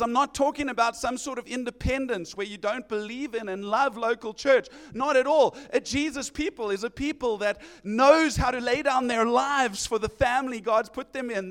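A man preaching a sermon, animated and conversational, acting out the voices he quotes. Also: extremely high pitch.

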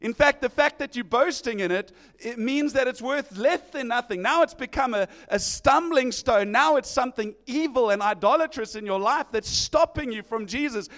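A man with a high voice preaching a sermon. He talks in a lively, conversational way and acts out the people he quotes in his own voice. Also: normal speed, hardly any pauses. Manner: animated, acting out quoted voices.

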